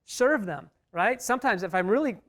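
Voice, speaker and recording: A man's voice: high voice, animated, normal speed, a bit bright. A man leading an interactive Bible study, emphatic, repeating key words and putting questions to the group.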